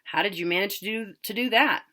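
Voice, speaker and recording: A woman's voice: medium pitch, a little fast, pushed and bright, pitched above the performer's own voice, lightly acted. A woman doing a cocky young soldier brother. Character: young man, proud older brother, cocky college student.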